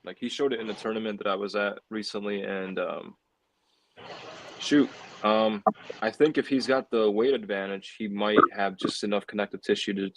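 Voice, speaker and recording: Low-voiced man weighing up a match. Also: fairly even intonation, fairly bright tone, low-quality recording. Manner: measured, hedging analysis with many "um"s. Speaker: armwrestler guest. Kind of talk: casual chat.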